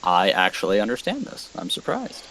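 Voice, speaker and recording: A man's voice: fairly low pitch, huge pitch swings, brisk, fairly bright tone, no room sound, low-quality recording. A man playing a tabletop game, chatting casually and explaining his choices. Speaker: player.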